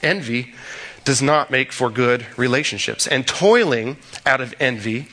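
A man's voice: mid-range voice, measured pace, pushed and bright. A man in his thirties preaching a conversational sermon, with playful asides and voiced quotes. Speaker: pastor.

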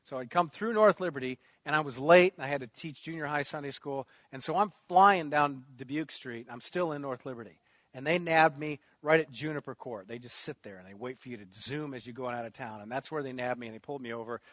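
A man preaching a sermon, booming on quoted lines and dropping to quiet asides to the congregation. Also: fast, dry recording. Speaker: pastor.

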